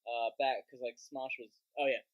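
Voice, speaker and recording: A man's voice: medium pitch, steady tone, moderate pace, highs cut off. Hesitant young man on a podcast. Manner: hesitant, lots of fillers and restarts. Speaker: podcast co-host. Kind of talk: casual chat.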